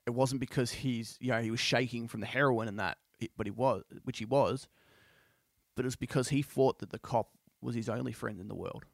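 A man's voice: medium pitch, brisk, creaky, dry recording. Guy on a podcast rambling through a story, says like and you know a lot, dry close sound. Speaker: podcast host. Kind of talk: casual storytelling monologue.

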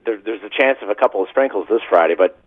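A man's voice: on the low side, quick pace, no echo. Male meteorologist phoning in; tinny, dry phone sound, chatty and rambling. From western Massachusetts. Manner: chatty, self-deprecating, stumbling over words. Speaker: TV meteorologist calling in. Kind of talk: casual phone-in chat.

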